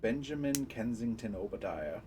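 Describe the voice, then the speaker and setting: An easygoing man with a fairly low voice that still moves expressively, co-hosting a live stream. He talks haltingly and fills his pauses with ums and uhs, over a faint hiss of background noise. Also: lively intonation. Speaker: stream co-host. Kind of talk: casual stream chat.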